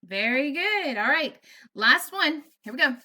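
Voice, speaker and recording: Southern US woman, early-grades teacher, slow and deliberate, sounds words out for kids. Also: sits high, lively intonation, pushed and bright. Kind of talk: virtual classroom lesson.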